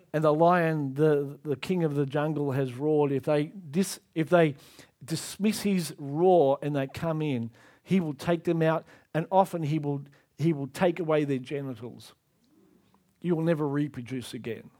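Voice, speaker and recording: A man's voice: a little high, a little slow. A man preaching a sermon with emphatic, repetitive delivery.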